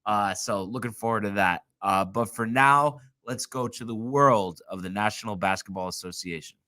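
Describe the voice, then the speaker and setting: Bright-voiced male sports podcast host. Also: lowish voice. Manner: halting, with restarts, leads the show segments. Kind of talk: casual sports podcast chat.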